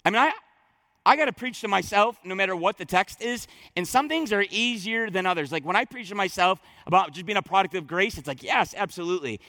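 A man's voice: high voice, lively intonation, a little fast, bright, forceful tone, dry recording. A man, a pastor, preaching a conversational sermon with frequent restarts and casual asides to his congregation.

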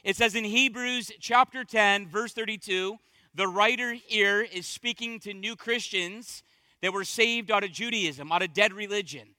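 A man's voice: high-pitched, measured pace, sharp tone, dry recording. Man preaching a sermon with emphatic repetition, dry close sound. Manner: emphatic, repeats key phrases for weight.

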